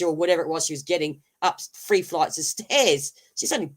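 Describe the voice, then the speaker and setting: A woman's voice: low-pitched, lively intonation, a little fast. A woman with an Australian accent hosting a casual live chat, telling a long story with many fillers and restarts. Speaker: host.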